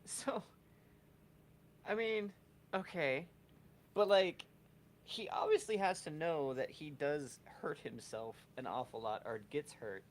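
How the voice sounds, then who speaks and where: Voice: mid-range voice, expressive, takes it slowly, long pauses. Skeptical podcast co-host voice. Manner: skeptical, picks apart the plot. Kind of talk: casual chat, critical commentary.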